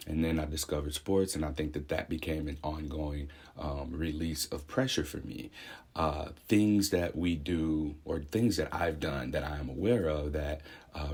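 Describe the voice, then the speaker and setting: A man's voice: a bass voice, a little mellow, husky. A young man speaking a candid, reflective personal monologue in a conversational way, thinking aloud. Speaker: vlogger.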